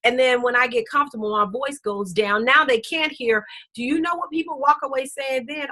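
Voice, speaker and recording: A woman teaching a webinar class on public speaking, emphatic and lively, playing her pitch and pauses to drive home each point. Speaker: speaking coach.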